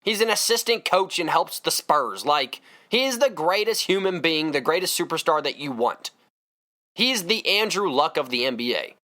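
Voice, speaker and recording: Male podcast host, emphatic sports rant, bright tone, animated delivery. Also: fairly high pitch, normal speed. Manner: fired-up, emphatic ranting.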